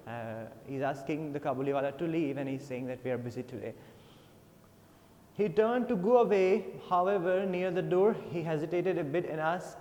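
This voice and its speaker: A man's voice: on the high side, moderate pace, a little mellow. A man with an Indian English accent, teaching an English class by reading a story aloud and then retelling it with many fillers. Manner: reads passages, then paraphrases with many fillers. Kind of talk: explaining a textbook story. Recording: long reverb.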